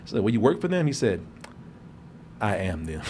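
A Texan show host with a lowish voice tells a story in casual chat, animatedly acting out the people in it. He speaks at normal speed, with slight background noise.

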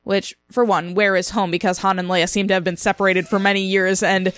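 A woman's voice: mid-range voice, little pitch movement, fairly quick, a bit bright, no room sound. A woman co-hosting a casual film review podcast, sarcastic and incredulous as she picks things apart. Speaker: podcast co-host.

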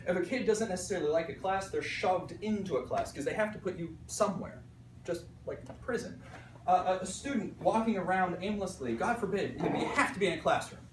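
A fairly high-voiced man from Pittsburgh tells classroom stories to a room of teachers, playing out the voices of students and parents. He talks in an animated way and keeps asking "right?" The recording is roomy and picked up from some way off, with faint room noise behind him. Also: fairly quick. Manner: animated storyteller, acts out voices, frequent "right?". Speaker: art teacher presenting at a conference. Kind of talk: conference talk to teachers. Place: conference room. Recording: echoey room recorded from a distance.

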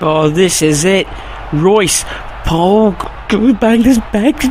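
A young man calls his football video game match live, and his voice sits high and leaps all over the place as he yells, begs and cheers at the players. He takes his time between outbursts, and game audio and music run clearly under him. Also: lively intonation, slow pace. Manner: hyped, yelling and pleading at the game. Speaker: gaming video creator. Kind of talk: excited live gameplay commentary.

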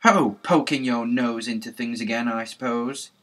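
A man reading aloud, voicing a plump, grumpy village policeman who scolds gruffly. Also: mid-range voice, moderate pace, fairly bright tone, lightly acted.

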